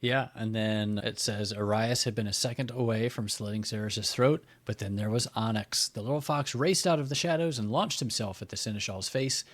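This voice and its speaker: Low-voiced man in a book chat. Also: normal speed, hardly any pauses, dry recording. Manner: reads passages aloud, excited outbursts. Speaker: podcast co-host. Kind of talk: casual book club chat.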